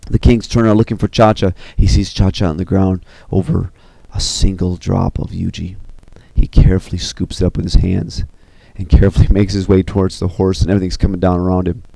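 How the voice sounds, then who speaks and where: Man, deep and gravelly, casual film storyteller with lots of fillers, dry close mic. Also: fairly quick, hardly any pauses, dry recording. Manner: animated, filler-heavy with you know and uh. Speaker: storyteller recounting an animated film. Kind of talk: casual retelling.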